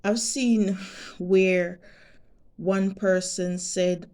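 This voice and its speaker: Slow, mellow-voiced Jamaican woman. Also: medium pitch. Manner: deliberate, emphatic, repeats herself. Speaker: vlogger. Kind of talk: direct-to-camera monologue.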